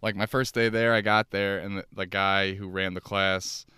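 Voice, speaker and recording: A young man hosting his own podcast, rambling through profane, animated stories while sitting in his car. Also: low voice, moderate pace, clear, resonant tone, no room sound, clean studio sound. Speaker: podcast host and stand-up comic. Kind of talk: casual solo podcast monologue. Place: inside a car.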